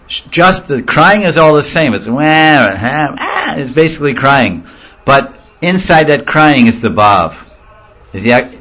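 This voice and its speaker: A man's voice: medium pitch, fairly bright tone. A man giving an informal religious talk, telling anecdotes with laughter and acting out voices. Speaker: spiritual teacher. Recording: muffled lo-fi recording.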